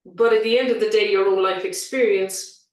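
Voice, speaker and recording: A woman vocal coach chatting in an interview, talking in an animated way and sometimes showing vocal sounds. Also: mid-range voice, normal speed, distant mic. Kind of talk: casual interview chat. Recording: roomy, set back from the mic.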